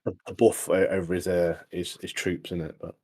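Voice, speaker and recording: A man co-hosting a podcast in casual chat, enthusiastic and halting, repeating words as he goes. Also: low voice, flat delivery, mellow, husky. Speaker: podcast co-host.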